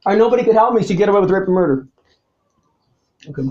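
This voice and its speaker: A man talking alone to the camera, swinging between low mutters and loud, angry, profane outbursts and repeating himself. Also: animated, very fast, dull audio, a little hiss or hum. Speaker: vlogger. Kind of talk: rambling solo monologue to camera.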